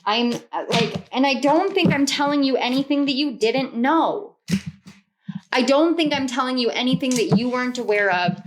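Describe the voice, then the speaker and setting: A woman's voice: sits high, lively intonation, moderate pace, a little hiss or hum. A woman reading tarot cards to camera, earnest and rambling, often repeating herself and laughing. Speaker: tarot reader.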